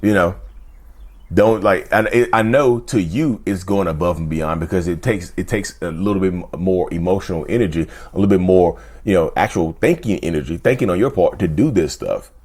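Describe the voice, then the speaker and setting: A man hosting his channel, talking earnestly to camera in casual chat, often repeating himself and jumping up in pitch for emphasis. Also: moderate pace, a little mellow. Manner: earnest, repetitive, keeps asking "you see what I'm saying"; jumps sharply up in pitch for emphasis. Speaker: YouTube channel host.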